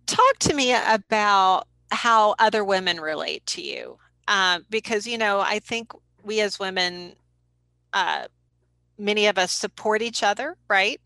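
A woman's voice: mid-range voice, unhurried, bright, forceful tone, no room sound, rough recording. A woman interviewer who affirms her guest and asks open questions. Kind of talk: interview conversation.

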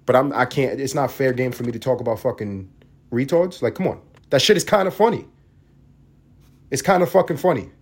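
A man's voice: mid-range voice, brisk, slightly rough. A man hosting a solo podcast, ranting in a profane, heated and sarcastic way. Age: adult parent. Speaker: podcast host.

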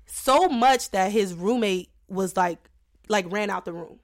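A woman's voice: medium pitch, a little slow. A woman barber, a guest on a podcast, telling a story in casual, slangy chat and acting out what others said. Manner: animated, slangy, acts out quoted voices.

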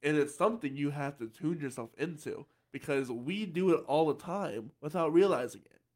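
Male podcast host, light tenor a touch high, loose chatty delivery with frequent restarts. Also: moderate pace. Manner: chatty, restarts often, laughs easily. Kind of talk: casual chat.

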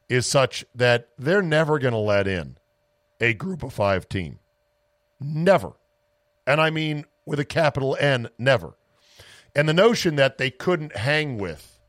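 Male sports talk host, casual rambling monologue, middle pitch, dry close mic. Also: a bit bright, no room sound. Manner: rambling storyteller, acts out family voices.

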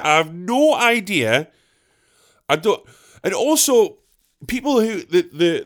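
A man's voice: fairly high pitch, a bit bright. A young man, telling a sweary, self-mocking comic story as a podcast host. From northeast England. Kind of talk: comedic storytelling monologue.

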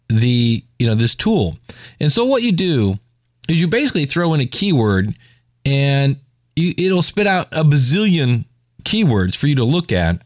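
A man's voice: medium pitch, dry recording, studio quality. A man hosting his own podcast, reviewing a web tool in a chatty, informal way with jokey asides. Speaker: podcast host. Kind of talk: casual solo podcast review.

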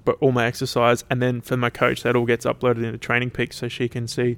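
A man's voice: mid-range voice, monotone, a little fast, clean tone. Laid-back Australian man, rambling podcast chat. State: tired, yawning. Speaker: podcast host. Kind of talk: casual solo podcast chat.

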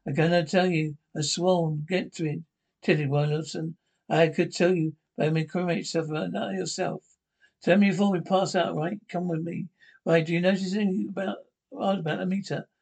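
An actor with a Scottish accent playing a cantankerous older pensioner in a TV sitcom, trading blunt, sweary banter. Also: male voice, sits high, steady tone, fairly quick, vocal fry, darkish tone, husky, heavily acted. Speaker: sitcom character. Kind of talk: scripted TV sitcom dialogue.

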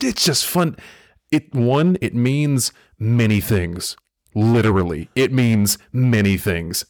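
A man from the American South hosting a podcast, talking in a rambling, animated way with lots of restarts. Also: on the low side, no echo, studio quality. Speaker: podcast host. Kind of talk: casual podcast chat.

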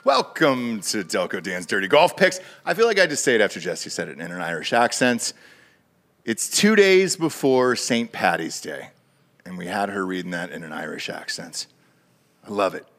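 A man's voice: on the low side, big pitch swings, moderate pace, fairly bright tone. A man co-hosting a golf betting podcast, talking in a casual, exasperated way with swearing. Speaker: podcast co-host.

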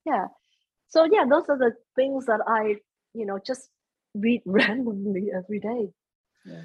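Husky-voiced woman, lively and earnest. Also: fairly high pitch, unhurried, muffled recording. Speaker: guest, stage emcee. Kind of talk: casual podcast conversation.

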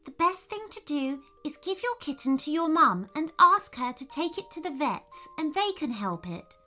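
A woman voicing a kind, caring firefly that speaks softly and reassuringly. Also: high-pitched, sing-song, normal speed, faint music behind, voice pushed up, exaggerated voice. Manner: soft, gentle and reassuring.

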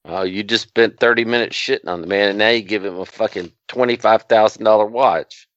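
Male podcast co-host, bright tone, teasing jokester, slightly dull audio. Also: on the low side, a little fast. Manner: teasing, joking, profane. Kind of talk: casual podcast banter.

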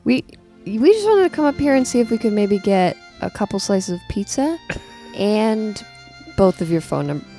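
A woman's voice: mid-range voice, lively intonation, moderate pace, mellow. A woman with a mid-range voice, hesitant and giggly, stumbling through an improv scene. Faint music plays behind her. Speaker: improv player.

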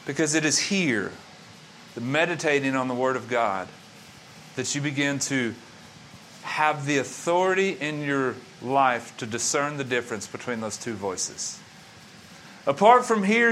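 A man's voice: mid-range voice, a bit bright, slight background noise. A man preaching a sermon as pastor, with an emphatic, repetitive cadence.

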